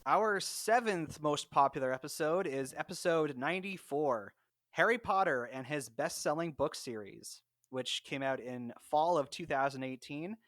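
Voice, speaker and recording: A man's voice: on the high side, normal speed, a bit bright, no room sound. Upbeat, laughing podcast host man. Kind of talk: casual podcast chat. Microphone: remote call mic.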